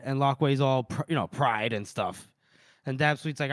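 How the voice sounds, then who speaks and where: A man's voice: medium pitch, moderate pace, no echo, studio quality. A man co-hosting a casual book podcast, retelling a chapter's scenes and briefly voicing the characters' lines as he goes. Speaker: podcast co-host.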